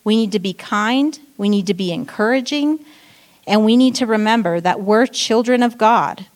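Female church speaker, short sermon, story-driven and animated in quoted lines. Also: on the high side, moderate pace. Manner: storytelling, acting out quoted outbursts. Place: church stage.

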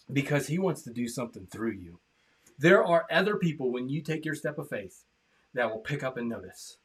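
A man preaching as a pastor, passionate, repeating phrases and swinging from loud declarations to hushed appeals. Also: mid-range voice, slightly rough. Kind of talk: sermon. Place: church.

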